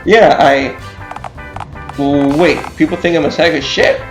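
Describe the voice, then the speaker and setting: A man's voice: fairly high pitch, measured pace. A man plays a meek, self-pitying character with a phone for a head. He stammers and hesitates. The recording is echoey, and game music plays under him. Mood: earnest.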